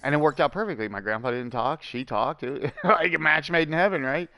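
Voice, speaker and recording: A man's voice: on the high side, fairly quick, pushed and bright. A man streaming a video game, rambling casually and chatting with his viewers, with many fillers and asides. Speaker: gaming streamer. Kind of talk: casual storytelling while gaming.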